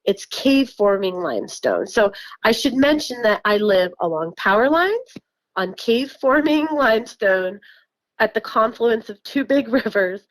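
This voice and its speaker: A woman's voice: on the high side, very animated, measured pace, no echo, poor audio. A woman from New York casually telling her story in a chatty way, with frequent laughs, fillers and restarts. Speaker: guest recounting encounters.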